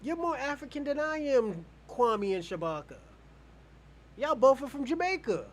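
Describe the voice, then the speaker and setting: A man's voice: very high voice, big pitch swings, moderate pace. An American man hosting an online show, arguing bluntly and profanely in a heated live debate. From United States.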